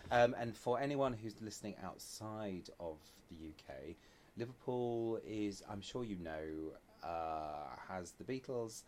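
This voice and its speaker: A host chats in a low-pitched voice, playful and meandering as he asks questions. He laughs easily between thoughts. A faint room hiss sits under the recording. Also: lively intonation, unhurried, a little mellow. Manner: playful, rambling, laughs often. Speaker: podcast host. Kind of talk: casual interview chat. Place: theatre dressing room.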